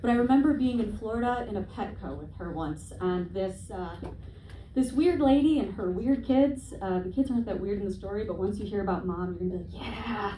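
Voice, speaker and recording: A woman's voice: medium pitch, a little fast, mellow, a little hiss or hum. A woman in her twenties doing a stand-up comedy set on a club stage, with profane, self-deprecating humor and wry asides. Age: 20s. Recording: echoey room, heard from a distance.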